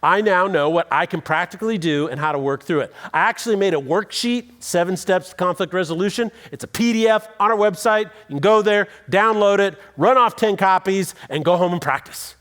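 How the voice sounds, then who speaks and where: High-voiced pastor preaching a sermon. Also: male voice, fairly quick, few pauses, a bit bright. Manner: conversational storytelling, acts out quoted voices; dry self-deprecating humor. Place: church auditorium.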